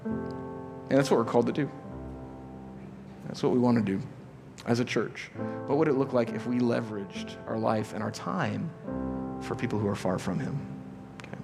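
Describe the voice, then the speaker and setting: A male pastor delivers a conversational sermon to his church in a mid-range, creaky voice at normal speed, leaving long pauses. He's casual and questioning, full of rhetorical questions, casual asides and repeated starts. The recording carries live church hall reverb with soft music in the church auditorium.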